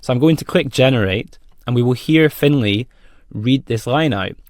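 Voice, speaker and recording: A man presenting a software demo in a friendly, plain explanatory tone. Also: mid-range voice, moderate pace, no room sound, studio quality. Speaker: product presenter.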